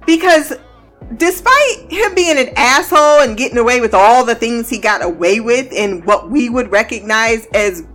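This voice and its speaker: A woman's voice: on the high side, animated, normal speed, a bit bright, faint music behind. A woman giving a casual, blunt and profane recap of a TV show, often breaking into laughter. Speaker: TV show reviewer.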